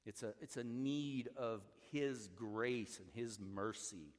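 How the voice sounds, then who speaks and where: A male pastor preaching a sermon, swinging between loud urging and hushed, low passages. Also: steady tone, slow, in a large hall.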